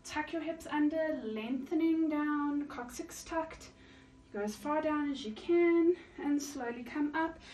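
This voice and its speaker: A woman with a high-sitting voice leads a yoga class at a measured pace, calmly counting out breathing and squat cues while doing the moves herself. She's slightly out of breath. The room is echoey, the mic is far off, and there's a faint hiss.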